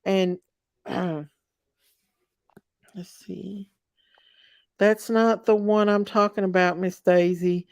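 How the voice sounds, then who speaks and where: A woman's voice: medium pitch, steady tone, very slow, long pauses, no room sound, studio quality. A woman with a Southern US accent hosting a casual livestream chat and reading out viewer comments. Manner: chatty, drawling, reads viewer comments aloud. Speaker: livestream host.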